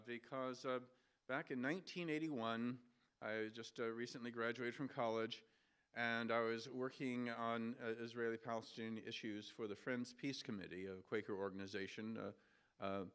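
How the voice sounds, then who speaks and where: A man in his sixties giving a public talk as guest speaker in a lecture hall, pausing often with "uh". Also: mid-range voice, a bit bright, clear, resonant tone. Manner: many "uh" fillers, halting.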